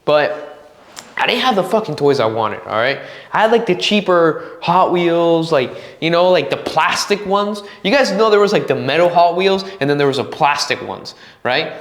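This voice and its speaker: A man's voice: a little high, expressive, normal speed. A man in his twenties hosting a solo podcast, telling a rambling, profanity-heavy story and acting out his own quotes. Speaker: podcast host. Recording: roomy echo.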